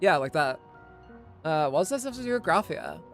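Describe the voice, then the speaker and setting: A young woman streaming a game, excitable and laughing, with casual swearing. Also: sits low, a little fast. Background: game music.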